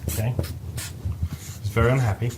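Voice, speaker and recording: A man's voice: mid-range voice, steady tone, a little slow, background noise. A man leading a workshop, explaining ideas conversationally with stories and restarting his sentences. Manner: conversational, repeats words when restarting. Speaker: workshop trainer. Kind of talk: live teaching talk with anecdotes. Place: training room with a live group.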